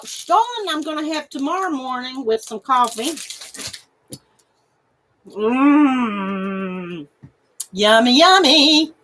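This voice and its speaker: A woman's voice: sits high, fairly bright tone, a little hiss or hum. A woman hosting a crochet channel, chatting casually with viewers and laughing and snorting often. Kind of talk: casual live chat reading viewer comments.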